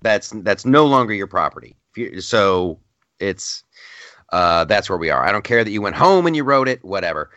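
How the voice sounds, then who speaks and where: Heated, bright-voiced man, dry lo-fi sound. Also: fairly low pitch, very animated, dry recording. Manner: heated, exasperated, quick mock-quoting. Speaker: podcast co-host. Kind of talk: casual political chat.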